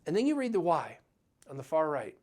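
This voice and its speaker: A man's voice: a little high, huge pitch swings, fairly quick, a little mellow. A man giving a motivational business talk as a practice coach, earnest and direct, often acting out what his clients say.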